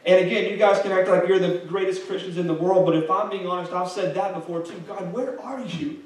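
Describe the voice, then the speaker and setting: A young man preaching in a church with a fairly high voice, heard from some distance. His talk is conversational and full of restarts, and it builds in intensity on quoted prayers. The sound rings through a big echoing sanctuary. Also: little pitch movement, quick pace, darkish tone. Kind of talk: sermon. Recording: echoey hall from a distance.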